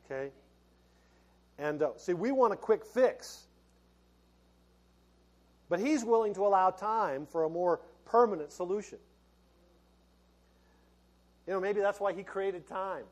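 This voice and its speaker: A man's voice: high-pitched, measured pace, pauses often. A middle-aged male pastor preaching a sermon in a folksy, conversational way, laughing and restarting as he talks.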